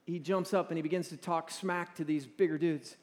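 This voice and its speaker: A man in his forties preaching a sermon in a church, talking in a halting, conversational way with repeated words and drawing the audience to respond. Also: on the high side, steady tone, darkish tone. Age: 40s. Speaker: pastor. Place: large church hall. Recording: long reverb in a large hall.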